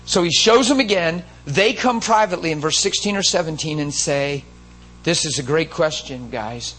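A man's voice: a little high, expressive, moderate pace, a bit bright, poor audio. A man preaching a sermon in an emotional, emphatic storytelling manner. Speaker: pastor.

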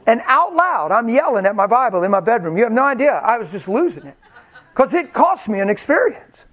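A male preacher telling a personal story in a sermon, animated and self-mocking, acting out the quotes. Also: very high-pitched, a little fast.

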